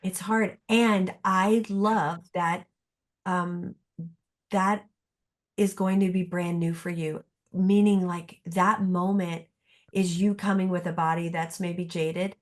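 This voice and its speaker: Low, flat-voiced middle-aged woman therapist. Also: slow. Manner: reflective, earnest, trailing restarts. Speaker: therapist guest. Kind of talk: podcast conversation.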